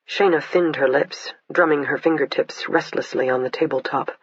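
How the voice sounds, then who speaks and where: A man with a husky voice reading a first-person thriller as steady scripted narration. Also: fairly high pitch, moderate pace, hardly any pauses, no room sound. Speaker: audiobook narrator. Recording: dull lo-fi, dry.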